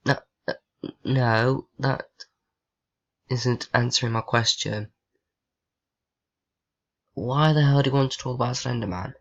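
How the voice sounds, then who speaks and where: A man's voice: mid-range voice, measured pace, long pauses, lo-fi sound. A young man with a sarcastic, swearing manner, chatting with a chatbot and reading his typed questions aloud. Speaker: vlogger. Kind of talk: casual chat with a chatbot.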